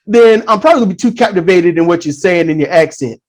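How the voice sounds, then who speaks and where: A man hosting a casual podcast chat, an animated storyteller with blunt, profane talk. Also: high-pitched, fast talker.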